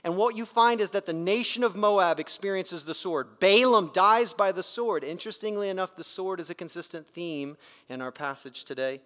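A man's voice: high voice, normal speed, a bit bright. A man preaching a sermon in an emphatic, conversational way, his volume rising and dropping sharply. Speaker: pastor. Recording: reverberant hall.

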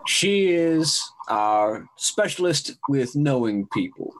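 A man narrating a tabletop role-play as game master, introducing characters in a laid-back, halting way. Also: medium pitch, big pitch swings.

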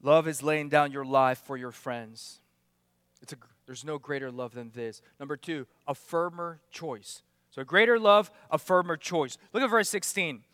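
Pastor, male, high and bright, emphatic sermon delivery, close dry mic with long hall tail. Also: moderate pace, smooth. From outside America. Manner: emphatic, rising and falling, rhetorical questions.

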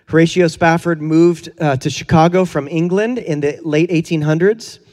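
A man's voice: on the high side, moderate pace, a little mellow, big-room sound. A man preaching a conversational sermon in a casual, earnest way, with fillers and chuckles. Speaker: pastor.

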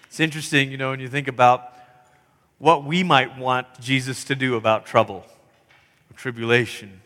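Man, pastor, sermon, animated, acts out voices, long church reverb. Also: mid-range voice, normal speed. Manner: animated, acts out voices and sings snatches of songs. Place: church sanctuary.

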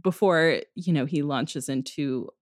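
A woman's voice: sits low, unhurried, no echo, clean studio sound. A woman in casual podcast chat about a video game, chatty and laughing as she quotes characters.

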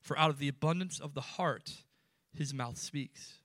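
A man preaching a sermon to students, emphatic and rising, then dropping suddenly to quiet words. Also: on the high side, normal speed, no echo, clean studio sound. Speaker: pastor.

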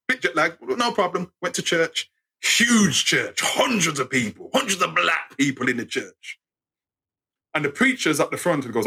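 An English man in his fifties with an English accent, telling stories in an interview in an animated way and acting out the voices he quotes. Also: a little high, moderate pace, slightly rough. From England. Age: 50s. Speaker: guest storyteller. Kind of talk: interview storytelling.

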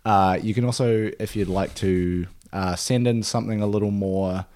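A man with a very deep voice chats casually as a podcast co-host. He talks in a halting way, full of fillers and restarts as he reads out contact details. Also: steady tone, darkish tone. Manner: hesitant, filler-heavy. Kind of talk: casual chat.

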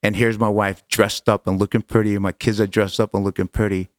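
Middle-aged guy telling his story on a podcast, lowish voice, acts out the dialogue, dry close mic. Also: fairly quick, no room sound. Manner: animated, acts out quoted dialogue, casual slang. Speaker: guest. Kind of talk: personal storytelling in an interview.

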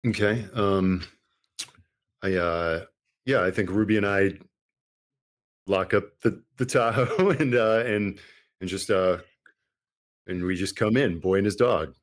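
Man, tabletop game player, lowish voice, relaxed, chuckling. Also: takes it slowly, pauses often. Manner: laid-back, chuckling, thinking aloud. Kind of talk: casual chat in a tabletop game.

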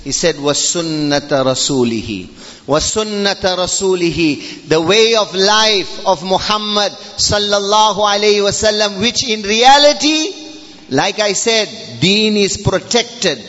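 High, bright-voiced impassioned preacher. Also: male voice, a little slow, in a large hall, highs cut off. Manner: impassioned, emphatic, swelling to near-shouts. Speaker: imam giving a Friday sermon. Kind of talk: sermon.

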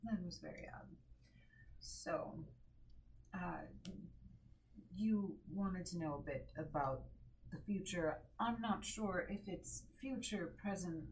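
A woman playing in a tabletop game, speaking in a measured, musing way. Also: on the low side, rough recording. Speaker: player.

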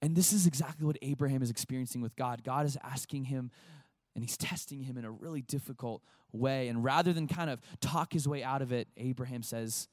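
A man pastor giving a casual, animated sermon to a young crowd, chatting and acting out short voices. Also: medium pitch, normal speed, no echo, studio quality.

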